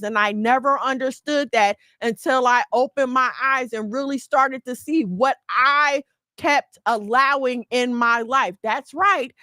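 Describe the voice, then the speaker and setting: Woman host, preachy and emphatic, high voice, dry close sound. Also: no echo. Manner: emphatic and preachy, lively storytelling. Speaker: podcast host. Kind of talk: casual advice talk.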